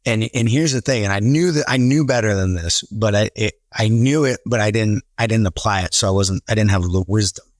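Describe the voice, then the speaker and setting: A man in a casual podcast conversation, telling stories with animated quoted voices. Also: fairly low pitch, brisk, hardly any pauses, no echo, studio quality. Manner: animated storyteller, acts out quotes. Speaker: real estate team leader, podcast guest.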